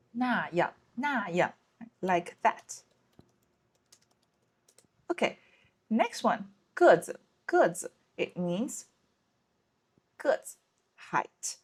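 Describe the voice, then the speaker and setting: A woman's voice: medium pitch, sing-song, extremely slow, long pauses, slightly rough. A woman teaching an online language lesson, patiently repeating each word and checking in with the listener.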